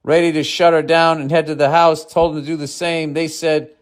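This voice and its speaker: A man's voice: on the high side, level tone, brisk, pitched above the performer's own voice, lightly acted. A man voicing a folksy older Southern carpenter boss, with a Southern accent and a drawling storytelling manner.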